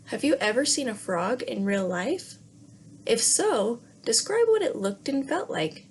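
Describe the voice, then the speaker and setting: A woman teacher reading a fairy tale to young children in a gentle way, pausing to ask the class questions. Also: a little high, sing-song, slight background noise. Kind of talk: read-aloud lesson for young children.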